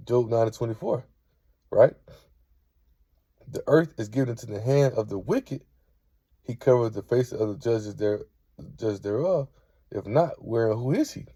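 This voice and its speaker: A man's voice: medium pitch, expressive, unhurried, pauses often, dark tone, slightly rough, no room sound. A man giving an informal scripture lesson, reading verses aloud and checking in with "right?" after most points. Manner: peppers talk with "right?", reads verses aloud. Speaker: Bible teacher.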